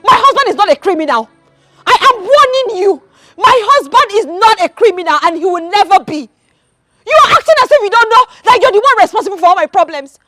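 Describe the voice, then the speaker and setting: An actress playing a defiant wife with a Nigerian accent, shouting in anger to defend her husband. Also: very high voice, expressive, a little fast, music in the background. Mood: furious. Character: defiant wife, fiercely loyal to jailed husband. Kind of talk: Nollywood film acting.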